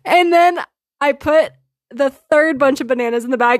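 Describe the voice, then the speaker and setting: Woman podcast host, fairly high voice, lively anecdote-telling, dry close mic. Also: normal speed, no room sound. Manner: animated, laughing often, quotes herself and others. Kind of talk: casual storytelling monologue.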